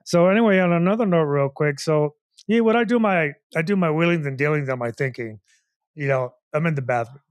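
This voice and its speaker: Male podcast co-host, 40s, rambling comic storyteller; slightly high pitch, dry sound. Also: brisk, no echo. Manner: rambling, animated, heavy on "you know what I mean". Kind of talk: casual comedic storytelling.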